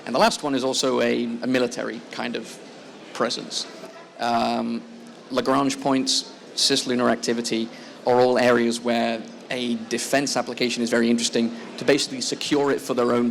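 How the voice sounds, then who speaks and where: A man's voice: mid-range voice, vocal fry. A man answering interview questions on stage, using many fillers such as "kind of" and "you know". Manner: fast, flat delivery with fillers. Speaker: company founder being interviewed.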